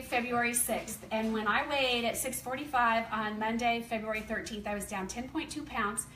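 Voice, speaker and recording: Speaking to a meeting audience, a Southern woman in her fifties who works as a company distributor shares a lively testimonial, chatting and laughing as she goes. She talks at a normal pace with few pauses in a somewhat high voice. The mic is distant, the room echoes, and there's background noise.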